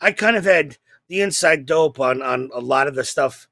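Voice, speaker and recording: A man co-hosting a podcast in casual chat, rambling and animated, acting out quoted voices. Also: mid-range voice, normal speed, gravelly, no echo. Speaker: podcast co-host.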